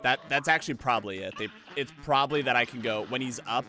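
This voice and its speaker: A man streaming a video game live, thanking viewers and talking through his tactics, with frequent swearing and excited outbursts. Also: mid-range voice, quick pace. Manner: excitable, swears often, thinks aloud about tactics. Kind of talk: live gameplay commentary.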